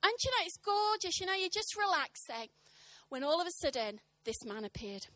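Thirties female preacher, animated and impassioned, with a crisp bright edge to her voice. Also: very high voice, brisk, no echo. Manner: animated, impassioned, punchy comic timing. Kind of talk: sermon with humorous storytelling. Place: church service.

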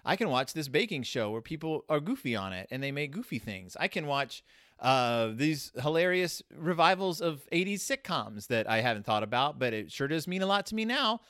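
Speaking at a normal speed, this man rambles sarcastically through a children's book review on his casual podcast. His pitch and volume swing animatedly, and the studio-quality recording is dry.

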